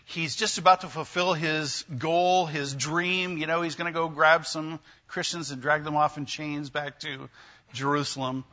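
Bright-voiced preacher, lo-fi recording. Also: male voice, a little high, flat delivery, normal speed. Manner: conversational, asks the congregation questions. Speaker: pastor. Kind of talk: sermon.

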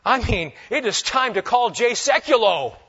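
A man preaching a sermon, swinging between loud emphasis and hushed, humorous asides. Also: very high voice, expressive, moderate pace, breathy edge. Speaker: pastor. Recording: dull lo-fi recording.

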